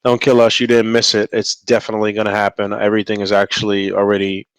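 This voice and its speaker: Male podcast host, low smooth voice, halting delivery, dry sound. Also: monotone, no echo. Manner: halting, many ums and restarts. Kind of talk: casual chat.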